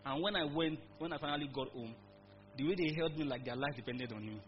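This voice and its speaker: High-voiced preacher, call-and-response. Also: male voice, fast, a little hiss or hum. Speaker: pastor. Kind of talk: sermon. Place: church. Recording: dull recording with music behind. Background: music.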